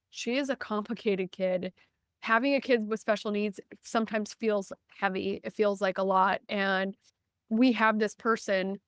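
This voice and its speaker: This is a woman in her thirties talking straight to her podcast listeners. Her voice sits in a middle pitch, and the sound is close and dry. She speaks earnestly and personally, often restarting her sentences. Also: clear, resonant tone, no echo. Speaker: podcast host and business coach. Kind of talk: candid solo podcast talk.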